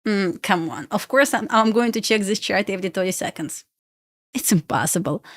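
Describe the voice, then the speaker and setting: On a casual live trading stream, a young Russian-accented woman pleads with the chart and laughs a lot. She speaks at normal speed with lively intonation and medium pitch, recorded with clean studio sound and no room sound.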